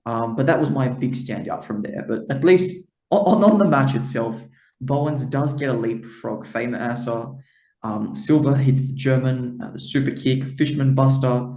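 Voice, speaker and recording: A man's voice: medium pitch, normal speed, warm tone, reverberant. A man of the Greek diaspora co-hosting a podcast, reading a wrestling recap with lots of "uh" and "um". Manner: reads recap with many fillers. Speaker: podcast co-host.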